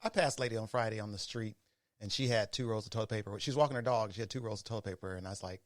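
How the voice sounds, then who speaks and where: A man in casual chat on a podcast, telling a quick anecdote in a relaxed way. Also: lowish voice, no echo.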